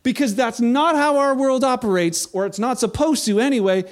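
A man preaching a sermon, telling the story in a casual, animated way and acting out the people in it. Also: very high voice, normal speed. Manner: animated storytelling, acts out quoted voices. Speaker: pastor.

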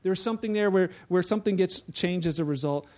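Delivering a sermon at a quick pace, this male pastor has a notably high voice with a darkish tone. His style is relaxed and chatty, with frequent sentence restarts and short stories he acts out.

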